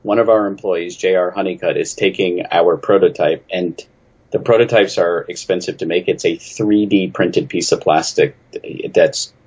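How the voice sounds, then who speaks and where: A man's voice: deep voice, normal speed, darkish tone, breathy edge, muffled recording. A man from New England, a game designer, answering interview questions in a chatty, snarky, self-deprecating way.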